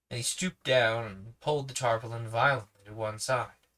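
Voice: mid-range voice, steady tone, moderate pace, a bit bright. Sleepy, casual, reading a novel aloud, podcast narrator. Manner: casual asides between narration. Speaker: podcast reader.

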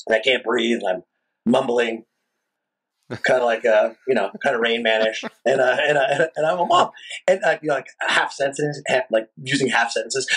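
A rock singer guest telling a long, animated, profane story in a casual interview. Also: male voice, medium pitch, normal speed, husky, low-quality recording. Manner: animated, profane, rambling anecdotes.

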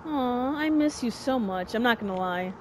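Excitable woman yelping through a horror game. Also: fairly high pitch, normal speed, noisy background. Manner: excitable, yelps and shouts at the game; chatty, talks to herself and the game character. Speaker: gamer playing a horror game. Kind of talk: casual let's-play commentary.

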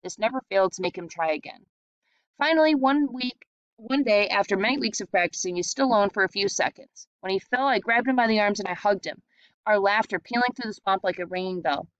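Woman, audiobook reading, reflective storytelling, middle pitch, dry, dull lo-fi sound. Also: a little fast, no room sound. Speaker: reader. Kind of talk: reading a short story aloud.

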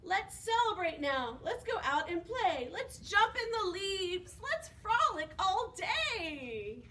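A kind-hearted storybook bear who thanks his friends and looks after them in turn, read by a woman. The voice is high and unhurried, caught on a distant mic over faint background noise. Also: a bit bright. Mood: cheerful. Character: gentle sick bear, grateful and kind.

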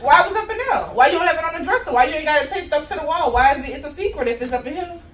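A woman's voice: high voice, expressive, very fast, a bit bright, reverberant, distant mic. A woman arguing with her boyfriend, angry and accusing, cursing often. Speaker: girlfriend in prank. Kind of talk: heated casual argument.

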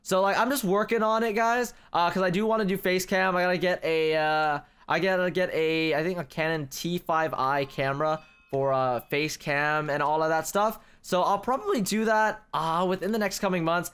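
A man's voice: high-pitched, smooth. A young man hosting a gaming channel, giving casual commentary as he plays and getting worked up over failed jumps. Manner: excitable, quick to rage, addresses viewers as guys. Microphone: desk microphone.

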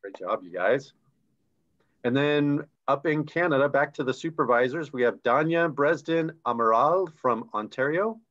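This man's expressive, mid-range voice is a bit bright and moves at a moderate pace. He's co-hosting a live online recognition event on a video call, reading names aloud and talking enthusiastically about ranks. The call audio sounds dull and lo-fi.

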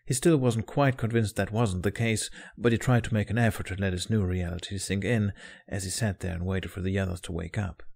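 Guy calmly reading a fanfic audiobook, lowish voice, steady. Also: fairly quick, gravelly. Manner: calm, steady storytelling. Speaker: fan fiction narrator. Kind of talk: audiobook narration.

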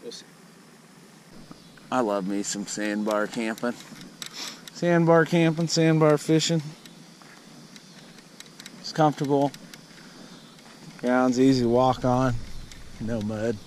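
A man's voice: medium pitch, slow, pauses often, a little mellow. A man filming himself while kayak fishing, chatting casually in a laid-back, rambling, self-deprecating way. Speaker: fishing vlogger. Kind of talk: casual self-filmed talk to camera. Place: outdoors on a river, kayak and sandbar. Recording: outdoor recording with noticeable river noise. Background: water and outdoor ambience.

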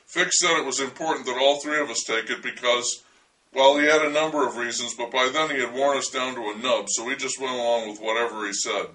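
Male storyteller, wry and dryly humorous, bright tone, set back from the mic. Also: mid-range voice, steady tone, fairly quick, distant mic, poor audio. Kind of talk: storytelling memoir narration.

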